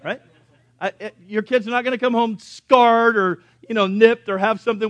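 A high-pitched male pastor preaching a sermon, dropping to soft storytelling with jokes and then climbing to loud, driving exhortation. The sound is dry and close, with no room around it. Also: steady tone, brisk, no room sound, lo-fi sound. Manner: folksy, joking asides.

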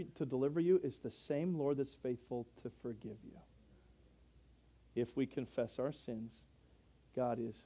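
A man preaching a sermon to a congregation, swinging between loud, rising declarations and quiet, earnest asides. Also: a little high. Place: church before a congregation.

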